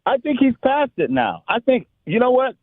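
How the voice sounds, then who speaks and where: A man's voice: extremely high pitch, big pitch swings, normal speed, no room sound. A man calling in to a sports radio show, talking emphatically and repeating words as he builds his point. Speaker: caller. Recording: tinny phone line.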